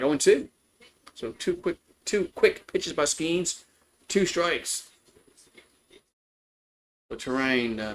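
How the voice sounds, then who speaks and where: A man giving casual live play-by-play for a baseball game, chatty and loose, greeting viewers between pitches. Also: a bit bright, rough recording. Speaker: play-by-play commentator.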